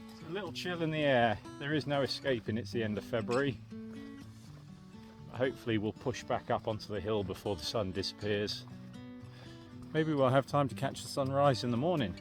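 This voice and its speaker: A man's voice: mid-range voice, normal speed, faint music behind. A man vlogging while he walks outdoors on a country lane, chatty and thinking aloud as he goes. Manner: chatty, thinking aloud, understated British phrasing. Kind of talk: walking vlog narration.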